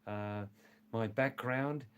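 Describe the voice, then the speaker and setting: Slow, clear and resonant, this medium-pitched voice belongs to an older livestream host with roots in England and Australia. He reads out viewer messages in a casual chat, addressing people by name, teasing, and repeating words to stress them.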